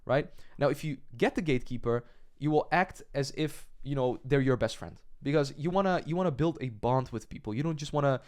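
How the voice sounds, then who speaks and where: Direct male sales coach, talking fast. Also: mid-range voice, a little mellow. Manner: direct, repeats "right?", acts out sample calls. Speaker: agency coach. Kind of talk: sales training lesson.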